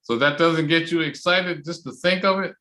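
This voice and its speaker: Loud, bright, enthusiastic male host. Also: fairly high pitch, normal speed. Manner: loud and enthusiastic, stretches phrases out for emphasis. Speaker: host of an online English chat club. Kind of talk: motivational casual talk. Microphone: video call.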